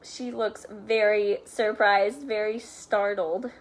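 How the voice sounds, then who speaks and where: A woman reading a storybook aloud to children, with playful chatty asides and soft whispers. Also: mid-range voice, fairly even intonation, slow pace.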